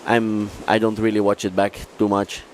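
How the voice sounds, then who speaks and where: A man co-commentating live on a sports event, relaxed and plain-spoken. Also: lowish voice, normal speed. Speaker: co-commentator, athlete. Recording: faint outdoor noise.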